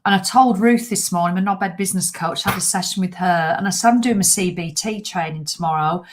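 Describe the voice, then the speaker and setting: A middle-aged woman, a fitness vlogger, chatting casually to viewers in a blunt, animated way with the odd swear word. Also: on the low side, fairly quick.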